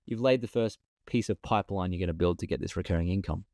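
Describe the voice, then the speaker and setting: A man talking as a podcast guest over a remote call, an animated storyteller who often repeats himself. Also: low voice, fast talker, no room sound. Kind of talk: casual interview talk.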